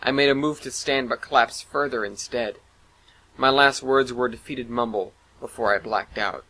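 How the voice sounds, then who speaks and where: Guy reading his own sci-fi story aloud, bright tone, dramatic. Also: medium pitch, normal speed, rough recording. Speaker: narrator. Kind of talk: first-person audiobook narration.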